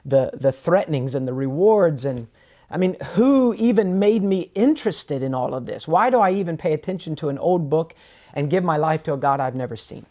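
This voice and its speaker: Earnest man on a podcast, higher-pitched. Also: lively intonation, fairly quick, dark tone. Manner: earnest, acts out quoted voices. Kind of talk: casual conversational podcast talk.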